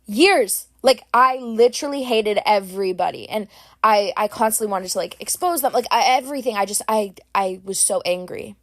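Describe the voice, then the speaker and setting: A young woman talking straight into a close mic in a dry, deadened space, hosting her own podcast. She rambles chattily through fillers and restarts. Her opinions come out blunt and unfiltered. Her voice sits at an ordinary middle pitch. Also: moderate pace, no room sound. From Boston area. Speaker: podcast host. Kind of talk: casual chat.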